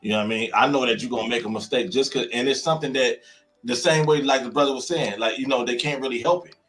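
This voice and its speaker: A man's voice: medium pitch, fast, fairly bright tone. A man in a casual panel talk, blunt and emphatic, repeating points for weight.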